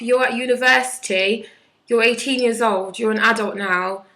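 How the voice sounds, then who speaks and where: A woman's voice: on the high side, steady tone, moderate pace, sharp tone, rough recording. A woman in her twenties chatting bluntly and sarcastically in a casual vlog, with mocking impressions. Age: 20s. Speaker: vlogger.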